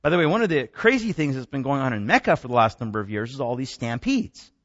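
A man's voice: medium pitch, big pitch swings, fast, fairly bright tone, no room sound, muffled recording. Man lecturing with many restarts. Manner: rambling, many restarts and asides. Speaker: speaker.

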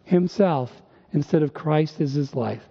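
A man's voice: a little high, measured pace, gravelly, mellow, husky. An older male pastor from northern Minnesota, preaching emphatically with rhetorical questions and dry humor. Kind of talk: sermon. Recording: dull recording with long hall reverb.

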